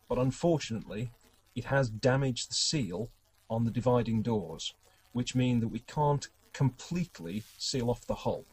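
A man's voice: mid-range voice, darkish tone, husky, rough recording. A man running a tabletop game, narrating in a wry, chatty way and laughing often. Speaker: game master.

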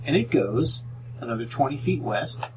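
A man running a tabletop game as game master, describing corridors step by step in a measured way. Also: mid-range voice, lively intonation. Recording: noisy home room recording.

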